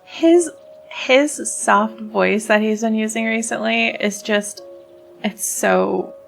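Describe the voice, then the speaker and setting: Slow-talking woman reading a romance game. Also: fairly high pitch, gravelly, soft background music. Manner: gushing, with frequent restarts while reading. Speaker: let's play host. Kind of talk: game playthrough commentary and reading text aloud.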